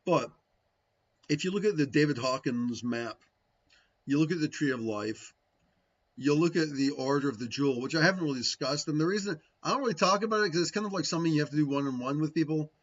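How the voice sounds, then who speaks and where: Casting: man, slightly higher voice, meandering spiritual talk, dull lo-fi recording. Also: fast. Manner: rambling, frequent "right?" tags, musing. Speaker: spiritual teacher answering viewers. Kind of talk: casual livestream talk.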